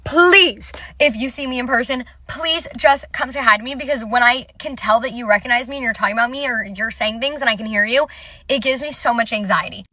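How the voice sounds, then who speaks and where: Young woman, brash, swears a lot, casual rant, high-pitched, dry close sound. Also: sharp tone, dry recording. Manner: brash and profane, frequently swearing. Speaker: TikTok creator.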